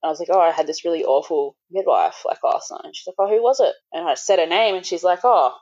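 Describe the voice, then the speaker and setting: Low-voiced woman telling her birth story candidly. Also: fast, a little mellow, muffled recording. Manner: candid, full of "like", swears now and then. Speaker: guest. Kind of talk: recounting a personal birth story.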